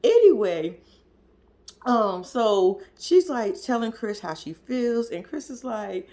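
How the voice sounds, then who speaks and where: A woman's voice: a little high, expressive, takes it slowly, mellow. A woman, giving a casual recap of a reality show, laughing often and talking back to the people in it.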